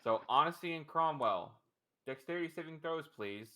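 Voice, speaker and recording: Bright-voiced man running a tabletop game. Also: on the high side, expressive, moderate pace. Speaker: dungeon master.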